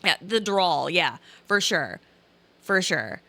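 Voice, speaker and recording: Speaking slowly in a low-leaning voice that's pushed and bright, this streamer reads chat and chats casually with lively intonation. She's a young Southern Illinois woman with a light local accent who rambles and laughs a lot, and there's no room sound.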